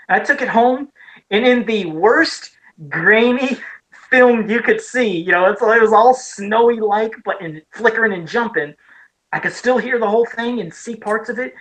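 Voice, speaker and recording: A woman's voice: mid-range voice, normal speed, fairly bright tone, low-quality recording. A woman from Ohio co-hosting a casual podcast, eagerly retelling scenes with many restarts and asides. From Ohio, USA. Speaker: podcast co-host. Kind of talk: casual podcast chat about horror films.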